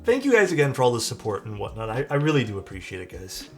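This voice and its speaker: A relaxed Canadian man talks over a live stream, reading out viewer questions and answering them in a loose, friendly way. Faint music plays quietly behind him. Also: mid-range voice, fast. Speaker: streamer building a keyboard. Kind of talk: casual live-stream chat.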